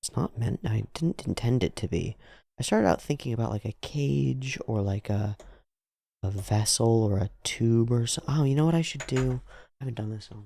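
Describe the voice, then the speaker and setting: A man's voice: medium pitch, expressive, moderate pace, gravelly, dark tone, no room sound. A man thinking aloud in casual commentary while he sketches, rambling and trailing off. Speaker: channel host.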